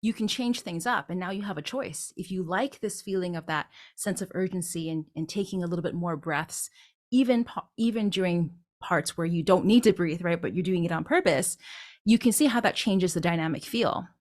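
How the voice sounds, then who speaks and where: A woman's voice: on the low side, normal speed, darkish tone. A woman vocal coach teaching a song, explaining phrasing and breaking into sung lines to demonstrate. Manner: encouraging, checks in with listeners. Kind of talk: singing lesson, explaining and demonstrating.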